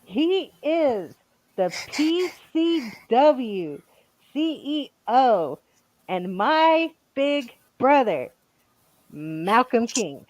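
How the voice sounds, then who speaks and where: A woman's voice: fairly high pitch, very animated, very slow, darkish tone, dry recording. A woman hosting a live online show over a video call, chatty and laughing often. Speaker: show host. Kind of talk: casual live-stream hosting.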